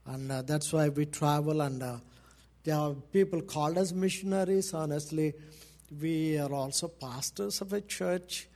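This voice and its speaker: A middle-aged man from India speaks with an Indian accent, addressing a church congregation. His voice sits a little high and he talks with fervor, repeating key phrases for emphasis. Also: darkish tone. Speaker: missionary pastor.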